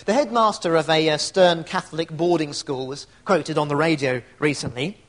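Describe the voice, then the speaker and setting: A man's voice: a little high, moderate pace. A man preaching an evening sermon, reflective and asking rhetorical tag questions.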